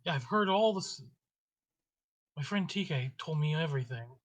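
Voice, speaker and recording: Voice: medium pitch, animated, moderate pace. A player speaking in character during a tabletop game, casual and plain-spoken.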